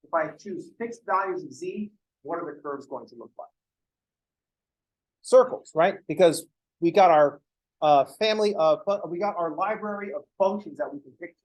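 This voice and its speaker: A man with a voice that sits high, speaking at normal speed, teaches a math class, lecturing casually and drifting into joking, rambling asides to his students. The recording quality is low.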